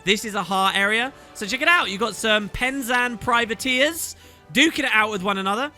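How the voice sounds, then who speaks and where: A man's voice: moderate pace, bright, forceful tone, faint music behind. A man in his thirties narrating a video game playthrough, chatty and enthusiastic. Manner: enthusiastic, chatty, swoops in pitch. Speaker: let's play host. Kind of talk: game commentary.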